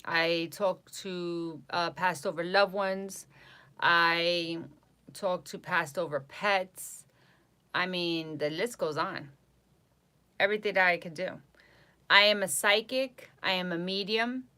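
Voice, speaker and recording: A woman from New York talks casually to her live-stream viewers, repeating phrases and stumbling over names. Her voice sits a little low but has a bright, forceful edge. The New York accent comes through plainly. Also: fairly even intonation, slow, smooth. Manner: chatty, repeats herself, reads viewer names aloud. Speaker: psychic livestream host.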